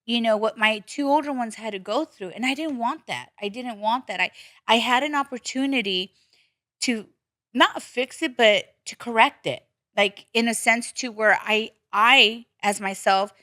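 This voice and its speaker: A woman's voice: fairly high pitch, normal speed, dry recording, clean studio sound. A woman podcast host in casual chat, telling stories bluntly with plenty of swearing. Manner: blunt, profane, animated storytelling.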